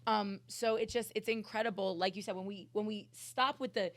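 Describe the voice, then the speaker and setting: Woman, casual chat, wry, quick, dry close sound. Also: medium pitch, fairly even intonation, dry recording.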